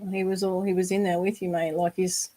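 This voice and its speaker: A woman's voice: fairly low pitch, flat delivery, brisk, mellow, low-quality recording. An Australian woman hosting a podcast interview, speaking earnestly and reassuringly, with casual swearing for emphasis. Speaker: podcast host.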